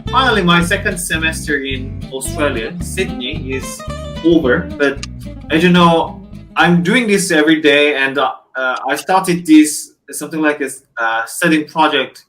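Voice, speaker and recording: A young man whose first language is Korean, a student, speaking English slowly and searching for words. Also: on the high side, low-quality recording. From South Korea.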